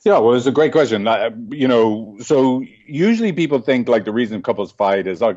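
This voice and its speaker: A man's voice: medium pitch, sing-song, fairly quick, hardly any pauses, darkish tone, dull audio. A man with a Dublin Irish accent, a couples therapist telling stories earnestly, often tagging lines with "right?". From Ireland. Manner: earnest, storytelling, frequent "like" and "right?". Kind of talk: reflective interview talk.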